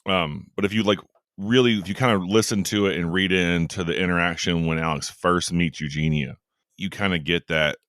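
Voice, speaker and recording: A man with a very deep, bright, resonant voice co-hosts a casual book chat. He rambles enthusiastically and trails off mid-thought. The sound is close and dry. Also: fairly even intonation, fairly quick, clear, resonant tone, no echo. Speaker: podcast co-host.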